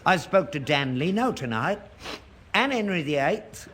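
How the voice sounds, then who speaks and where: Gullible old dad, dead earnest, bit high, voice bounces around. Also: male voice, sing-song, measured pace, a bit bright. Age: older. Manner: earnest, credulous, indignant. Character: gullible elderly father keen on seances. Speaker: father in a sitcom. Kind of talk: broadcast sitcom acting.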